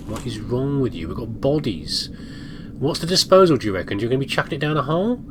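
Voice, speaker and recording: A man's voice: medium pitch, animated, fairly quick, noisy background. A man giving casual, self-mocking commentary while playing a video game, chatting to his viewers and to the objects on screen. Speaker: let's play gamer.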